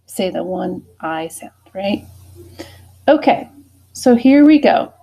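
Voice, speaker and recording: A woman leads a phonics lesson at an unhurried pace. She pauses to check in with her students often, and her voice has a gravelly fry. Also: medium pitch. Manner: patient, checking in with frequent "okay?" and "right?". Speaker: teacher.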